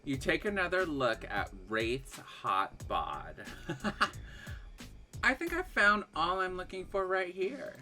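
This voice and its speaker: A woman's voice: on the low side, very animated, takes it slowly, bright, forceful tone, soft background music. A woman streaming a dating game, reading its text aloud and reacting with laughs and shrieks. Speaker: gaming streamer.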